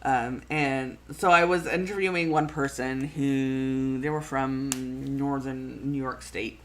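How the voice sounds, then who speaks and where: A woman's voice: extremely low pitch, fairly even intonation, slow pace. A middle-aged Canadian woman with a Canadian accent, hosting a planning livestream in a casual, rambling chat full of fillers and restarts.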